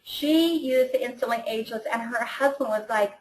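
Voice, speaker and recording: An enthusiastic, talkative woman guides her team through a casual training call at a normal speed, stumbling and restarting along the way. Her pitch is fairly high, the space sounds roomy and echoey, and a little hiss or hum sits under the audio.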